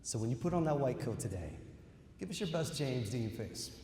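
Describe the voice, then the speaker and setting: Telling a story and addressing listeners as "y'all," a middle-aged keynote speaker gives a ceremony speech in a large, echoey hall with long reverb. He talks at normal speed in a medium-pitched voice with big pitch swings, and there is background noise.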